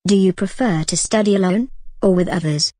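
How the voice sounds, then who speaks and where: A woman's voice: mid-range voice, brisk, dark tone, no echo, clean studio sound. Woman asking exam questions. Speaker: examiner.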